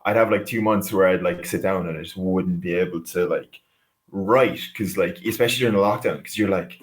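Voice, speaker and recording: A musician from West Cork, Ireland, chats casually as a guest on a podcast in a Cork Irish accent, laughing often and saying "like" constantly. His voice is deep and his delivery brisk.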